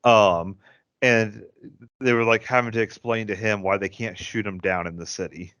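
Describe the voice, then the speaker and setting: A man's voice: fairly low pitch, fairly even intonation, normal speed, fairly bright tone, no room sound. A man with a Midwestern American accent, co-hosting a podcast and telling long rambling fan stories. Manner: enthusiastic fan, rambling storyteller. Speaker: podcast co-host. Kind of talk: casual chat. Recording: dry, dull lo-fi podcast audio.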